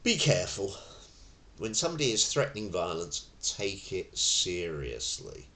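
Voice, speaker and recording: A man with a fairly low voice gives a self-defence lesson in a chatty, story-filled way. He slips into little acted-out lines to show what to say and what not to say. The sound is roomy, with a noticeable echo. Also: huge pitch swings, a little slow, bright, forceful tone. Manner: conversational, anecdotal, acts out quoted phrases. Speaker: tai chi and self-defence instructor. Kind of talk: spoken lesson.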